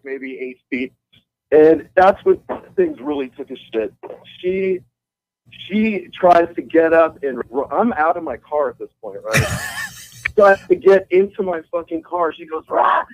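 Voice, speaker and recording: A man's voice: on the high side, lively intonation, unhurried. A man, a guitarist calling in as a guest, telling a story in a rambling casual way, swearing freely and laughing along. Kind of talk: casual storytelling over the phone. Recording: muffled call-in phone line.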